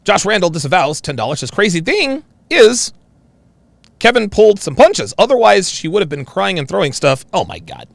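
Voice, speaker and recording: A man hosting a live stream and reading viewer messages aloud, with a distinctive voice that swings from very high to very low. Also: huge pitch swings, normal speed, vocal fry, dry recording.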